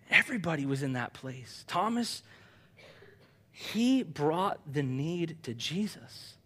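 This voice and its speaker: A man preaching a sermon in an animated, conversational way, dropping quiet for emphasis. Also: high voice, unhurried. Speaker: pastor.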